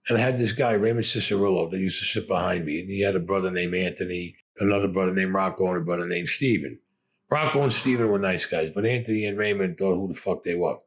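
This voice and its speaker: An older man with a Brooklyn accent, bluntly telling stories from his youth in an interview, full of swearing. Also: on the low side. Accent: Brooklyn New York. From Brooklyn, New York. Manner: blunt, gruff, swears often. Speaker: interviewee recounting his past. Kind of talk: profane storytelling interview.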